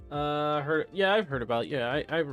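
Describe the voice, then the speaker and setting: A man's voice: a little high, fairly bright tone. Subdued man chatting on a live stream. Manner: candid, subdued, reacting to news and chat. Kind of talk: casual live-stream chat.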